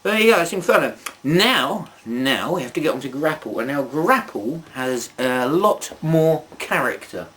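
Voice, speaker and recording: A man's voice: fairly high pitch, sing-song, measured pace, few pauses, fairly bright tone, slight background noise. A man reviewing toys in a casual video, rambling and chatty, full of asides and self-mocking jokes. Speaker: toy reviewer.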